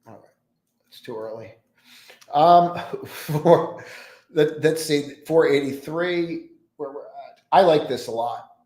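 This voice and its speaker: A man's voice: fairly high pitch, takes it slowly, pauses often, a little mellow. A man hosting a live pre-market trading stream, rambling through his thoughts and trailing off into mumbles at his desk. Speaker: trading livestream host. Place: home trading desk with many monitors. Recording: roomy echo.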